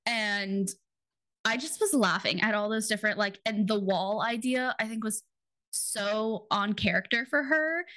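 A woman's voice: mid-range voice, unhurried, a bit bright. A woman hosting a podcast, chatty and enthusiastic, with many "like"s in her casual talk. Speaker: podcast host.

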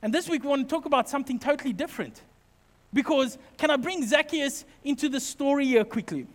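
A very high-pitched man preaches in a big hall with a long, ringing reverb. He tells stories from his own family, acting out the voices with lively asides and jokes. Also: a little fast. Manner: animated, acts out family quotes, jokey asides. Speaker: pastor. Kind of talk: sermon with personal storytelling.

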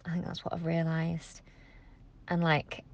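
A woman's voice: low voice, completely flat delivery, a little slow, highs cut off. A woman in her thirties, a podcast co-host, talking in a rambling, reflective way with lots of "like" fillers. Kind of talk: casual heartfelt chat.

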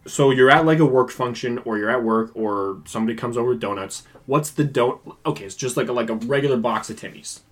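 A man's voice: mid-range voice, fast, hardly any pauses. Rambling, self-mocking podcast co-host man. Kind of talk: casual chat.

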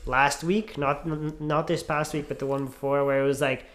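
A man's voice: a little high, little pitch movement, normal speed, fairly bright tone. A man co-hosting a podcast in easygoing casual chat. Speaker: podcast co-host.

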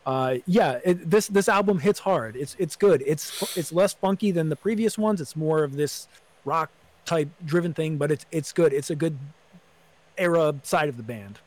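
A man's voice: a little high, normal speed, darkish tone. A man hosting a casual podcast chat, agreeable and rambling as he talks through an album. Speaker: podcast host.

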